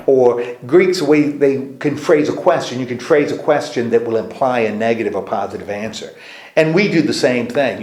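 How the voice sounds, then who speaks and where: A man's voice: medium pitch, normal speed, darkish tone. Man teaching a Bible study, roomy sound. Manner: explains at length with many restarts and asks the group questions. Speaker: pastor leading a Bible study. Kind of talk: informal teaching discussion. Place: church meeting room. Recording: echoey room.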